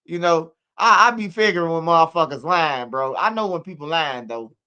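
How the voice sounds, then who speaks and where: A man's voice: on the high side, normal speed, bright, forceful tone, clean tone, lo-fi sound. A man giving casual, rambling, profane commentary on street news.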